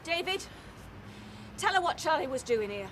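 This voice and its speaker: A fed-up, indignant mother from a soap, scolding a neighbour on her doorstep. Her voice is very high, lively, and bright. Faint street noise sits behind her. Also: moderate pace. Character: weary mother defending herself at her door. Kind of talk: television soap drama.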